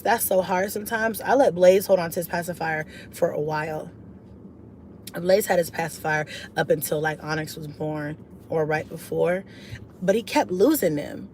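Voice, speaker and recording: A woman hosting her own channel as a mom vlogger, chatting casually through a livestream and reading viewer comments in slangy, relaxed talk, often jumping high in pitch. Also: slight background noise.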